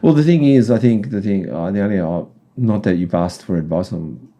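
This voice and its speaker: Guy on a podcast telling long stories, lowish mellow voice, talks straight at you with advice. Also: lively intonation, brisk. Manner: rambling storyteller, direct advice; acts out voices in anecdotes. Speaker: podcast guest. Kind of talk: casual chat.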